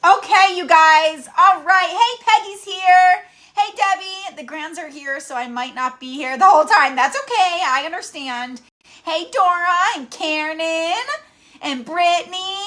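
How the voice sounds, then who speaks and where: A middle-aged woman hosting a casual craft livestream, bubbly and excitable, greeting viewers by name with frequent squeals and laughs. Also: very high-pitched, a little slow. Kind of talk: casual live-stream chat greeting viewers.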